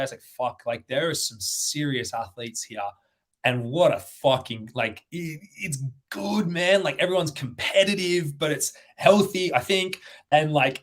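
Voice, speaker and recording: A young adult man with an Australian accent, chatting quickly and swearing a lot as a guest on a podcast interview. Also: a little high. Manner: fast-talking, swears a lot. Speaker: guest, CrossFit athlete.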